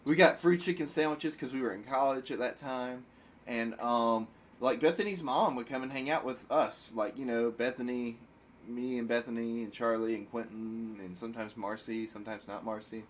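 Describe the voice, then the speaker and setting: A man's voice: medium pitch, steady tone, moderate pace, a little hiss or hum. A young man from South Carolina, co-hosting a podcast and telling stories in loose, teasing chat full of fillers. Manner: rambling, teasing, filler-heavy. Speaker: podcast co-host. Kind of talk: casual chat, storytelling.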